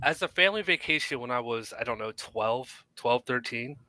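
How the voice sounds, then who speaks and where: A man's voice: mid-range voice, animated, a little fast, background noise. A man hosting a live stream, chatting casually with friendly, teasing asides. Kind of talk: casual chat.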